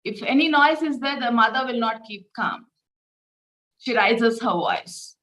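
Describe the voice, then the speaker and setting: A woman, leading a spiritual reflection talk through gentle, repeated rhetorical questions. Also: fairly high pitch, a little slow, a little hiss or hum, low-quality recording. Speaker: spiritual teacher.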